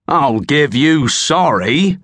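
Man doing a bossy farmer, irritable, yelling, husky, slow and heavy. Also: on the high side, animated, no room sound, pitched above the performer's own voice, full character voice. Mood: angry. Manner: yelling, scolding.

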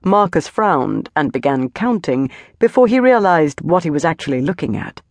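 A woman's voice: sits low, very animated, normal speed, dry recording. Woman narrating epic fantasy, dry and close. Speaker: audiobook narrator.

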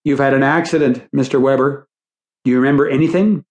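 A man voicing a calm hospital nurse who speaks in a quick, soothing, matter-of-fact way. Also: medium pitch, natural voice. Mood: reassuring.

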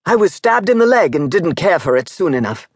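A narrator voicing a lean, limping Englishman, a weary innkeeper speaking warmly to a friend. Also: a little high, sing-song, fairly quick, breathy edge, no echo, clean studio sound.

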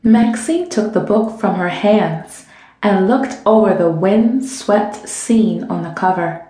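A woman narrating an audiobook in a smooth, measured storytelling manner. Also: medium pitch, mellow. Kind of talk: scripted narration. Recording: roomy echo.

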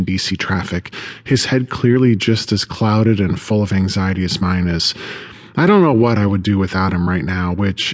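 A man reading first-person audiobook narration in a steady, measured way. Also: lowish voice.

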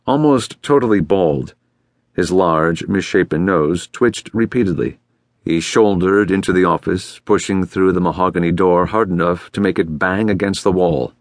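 A man narrating an audiobook in a steady, even way, recorded close in a studio. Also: low-pitched, no echo. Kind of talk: scripted narration.

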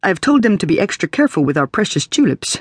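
A courteous, formal Dutch dock agent, as a woman narrator puts him on, speaking in a heavy accent with rounded vowels. The voice is husky and sits fairly high, with lively ups and downs, read close and dry for an audiobook. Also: fast, dry recording. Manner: formal and polite. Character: tall gracious Dutch man, docking agent. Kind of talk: audiobook character voice.

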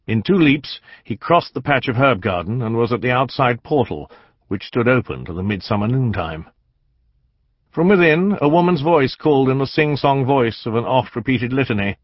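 Guy reading an audiobook, measured and dramatic, dry dull studio sound. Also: mid-range voice, animated, no echo. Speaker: audiobook narrator. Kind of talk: scripted narration.

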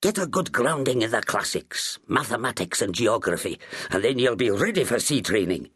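A man voicing a solemn older sailor who agrees in short, measured phrases. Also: mid-range voice, sing-song, a bit bright, husky, studio quality, pitched above the performer's own voice. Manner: solemn, agreeable, echoes others.

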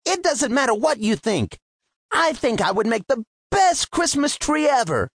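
A man's voice: extremely high pitch, big pitch swings, unhurried, vocal fry, fairly bright tone, dry recording, clean studio sound, pitched above the performer's own voice, exaggerated voice. A man voicing a small, hopeful young male tree who talks in an earnest, wistful way. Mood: eager.

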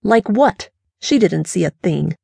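A woman voicing a gruff, skeptical male detective partner who talks in a curt, doubtful way. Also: on the low side, expressive, a little slow, warm tone, dry recording, heavily acted.

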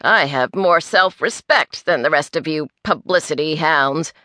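A woman voicing a cranky older male busybody who talks in a gruff, accusing way. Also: low voice, unhurried, sharp tone, dry recording, clean studio sound. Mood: grumbling.

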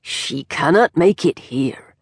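A desperate medieval earl, pleading for his sick infant daughter yet still used to giving orders, as a woman narrator plays him. The voice is lowish and dry, close to the mic, tense with fear under the formality. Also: animated, slow, breathy edge, dry recording, heavily acted. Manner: pleading, commanding. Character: desperate noble earl, grieving father. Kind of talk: audiobook character voice.

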